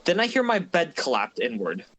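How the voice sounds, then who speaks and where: A young man in his twenties spins a story on a relaxed podcast, tripping over his words and restarting often. His voice sits a touch higher than most men's. He chuckles through the telling. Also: moderate pace, husky, rough recording. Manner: rambling, laughing storyteller with frequent restarts. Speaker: mod developer and podcast host.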